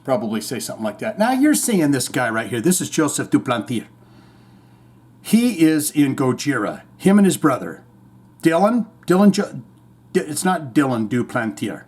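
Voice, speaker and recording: A man's voice: mid-range voice, sing-song, moderate pace, a little mellow, breathy edge. A man hosting a podcast, giving rambling, irreverent, profanity-laced commentary on the news. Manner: rambling, irreverent, swears freely. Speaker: podcast host.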